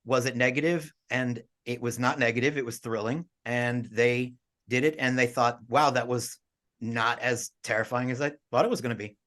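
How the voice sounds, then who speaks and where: A man's voice: medium pitch, steady tone, moderate pace, a bit bright. A man co-hosting a casual podcast, upbeat and talking with easy fillers and restarts. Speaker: podcast co-host.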